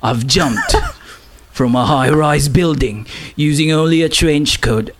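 A man's voice: a little high, slow, noisy background. A man doing a tough Cockney spy. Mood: boastful. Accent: Cockney, as put on. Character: hard-boiled tough male spy, boastful.

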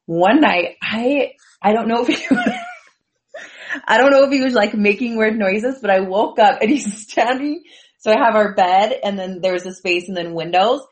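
A woman's voice: medium pitch, moderate pace. Giggling woman telling a funny story. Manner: laughs through her story, breathless giggling. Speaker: storyteller in group chat. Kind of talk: casual chat.

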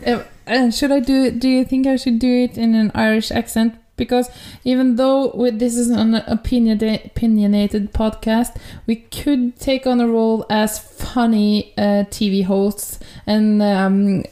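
Slow-talking woman with a Norwegian accent. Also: on the high side, fairly even intonation, warm tone. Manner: halting, laughs often. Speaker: podcast co-host. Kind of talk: casual chat.

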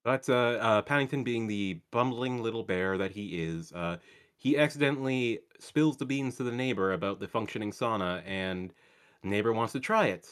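A man with a fairly low voice co-hosts a podcast in loose, casual chat. He is sardonic, swears freely, and often restarts his sentences mid-thought. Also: moderate pace, smooth. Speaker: podcast co-host.

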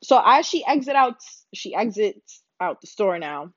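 A woman's voice: mid-range voice, a little slow, no room sound, muffled recording. A young woman, telling a blunt, profane storytime rant to her viewers. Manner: blunt, loud, profane, animated. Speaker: vlogger. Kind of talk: casual ranting storytime.

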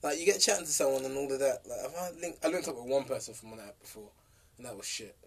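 A man's voice: medium pitch, fast, gravelly, slightly rough. A young man, co-hosting a casual podcast chat, teasing and laughing often. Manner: teasing, laughs a lot, slangy. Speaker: podcast co-host.

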